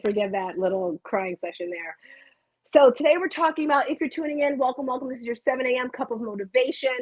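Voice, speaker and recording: Brief: middle-aged woman, motivational host, husky, fairly high voice, rambling and animated, tinny dry webcam audio. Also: fast talker, no echo. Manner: chatty, goes off on tangents, animated storytelling. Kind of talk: rambling live motivational talk. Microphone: computer webcam.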